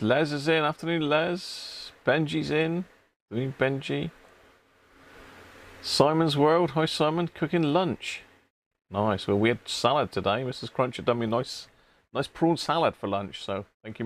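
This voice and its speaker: A man's voice: a little high, normal speed. Chatty man hosting a live stream. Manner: chatty, greets viewers by name, drops in throat clears. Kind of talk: casual live-stream chat greeting viewers. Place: home workshop.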